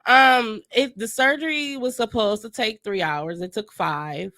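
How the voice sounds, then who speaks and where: A woman's voice: on the high side, measured pace, bright, forceful tone, dry recording. Woman co-host, easygoing and plain, close dry recording. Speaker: podcast co-host. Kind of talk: casual chat.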